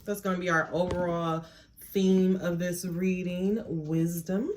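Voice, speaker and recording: A woman gives a casual spiritual tarot reading on her phone, chatty and prayerful, with frequent laughing asides. Her voice is lowish and darkish in tone, and she speaks slowly.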